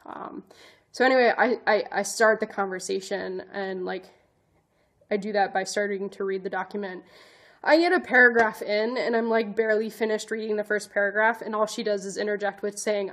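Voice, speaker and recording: A woman's voice: mid-range voice, fairly even intonation, normal speed, fairly bright tone. A woman vlogger telling a personal story in an earnest, rambling way, full of "like" fillers and restarts. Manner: earnest, emotional, self-conscious. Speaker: vlogger, advocate and educator.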